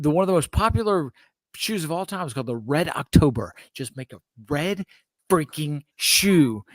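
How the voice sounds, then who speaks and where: Animated ranting man, dry close mic. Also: fairly high pitch, no echo. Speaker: podcast co-host. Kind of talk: casual sneaker chat.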